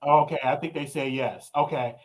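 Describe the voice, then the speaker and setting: A man's voice: medium pitch, steady tone, normal speed. A man hosting a live call-in show, talking casually and animatedly, often restarting and repeating his phrases. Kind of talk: casual live-stream chat with callers.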